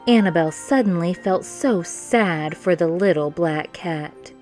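A woman reading a children's picture book aloud, narrating in a slow, gentle storytelling manner. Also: on the low side, faint music behind. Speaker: storytime reader.

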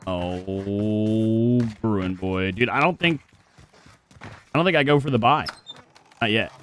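A young man streaming a shooter game, talking to himself in profane, excitable commentary. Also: fairly low pitch, slow, slight background noise. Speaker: gaming streamer. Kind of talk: live gameplay commentary. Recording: game sound mixed under voice.

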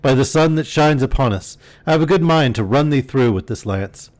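A man's voice: mid-range voice, expressive, normal speed, darkish tone, pitched above the performer's own voice, natural voice. Don Quixote, as a man reads him, grandly declaiming. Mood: angry. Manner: archaic, declaiming, grandly formal. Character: proud, indignant old would-be knight, male.

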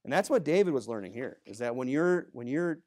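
A pastor preaching a sermon in a church, talking conversationally with many asides, moving between emphatic bursts and low, quiet remarks. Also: male voice, lively intonation, brisk. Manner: conversational, full of "you know" asides.

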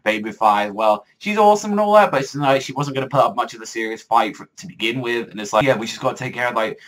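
A man's voice: medium pitch, fast. A man giving a casual, rambling manga review, full of filler words and swearing, his voice jumping up when he gets worked up. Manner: excitable, voice jumps up when worked up.

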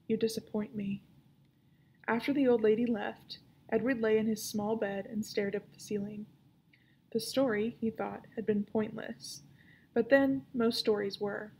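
A woman librarian reads a children's novel aloud with expressive storytelling. Her voice is gravelly and mellow, with a slightly raised pitch. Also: a little hiss or hum.

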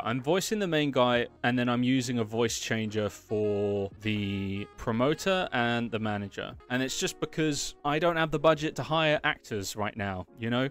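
A chatty man giving a casual screen-share tutorial on his animation work, explaining each step and thanking his viewers. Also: fairly low pitch. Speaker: creator walking through his animation work.

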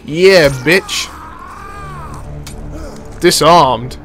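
A man's voice: a little high, measured pace, faint music behind. A man giving live gameplay commentary, exclaiming and swearing at what happens on screen. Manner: excitable, exclaiming and swearing at the game. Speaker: video game commentator.

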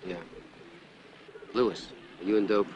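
An actor playing a concerned male lawyer in a 1970s crime film, quiet and earnest. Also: on the low side, fairly even intonation, a little slow, highs cut off, slight background noise, natural voice.

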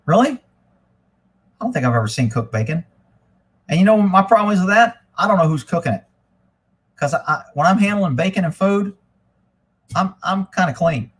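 A man hosting a casual live stream, rambling and swearing freely, getting animated when he retells a story. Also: fairly high pitch, slightly rough. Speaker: livestream host. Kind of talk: casual livestream chat.

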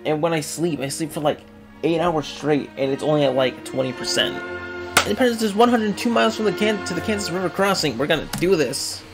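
A young man giving casual, rambling commentary over a retro game, swinging from mumbling asides to loud excited outbursts. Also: on the high side, fairly quick, over music. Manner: rambling, excitable, yelps and laughs when the game goes wrong. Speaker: gaming video creator.

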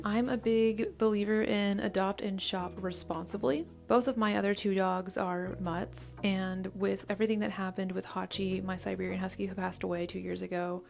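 A woman's voice: mid-range voice, creaky, a little mellow. A woman, talking to her phone camera in a casual, candid vlog with a slightly nervous edge. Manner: chatty, candid and a little nervous. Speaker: vlogger.

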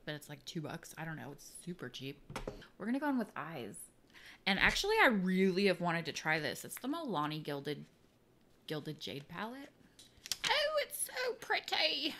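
A woman walks through her makeup routine in a relaxed, casual vlog, tossing in goofy mock-dramatic quips as she goes. Her voice sits on the lower side and swoops up and down with lots of expression. A faint hum of room ambience lingers behind her. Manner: playful, silly asides and mock-dramatic quips. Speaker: beauty vlogger.

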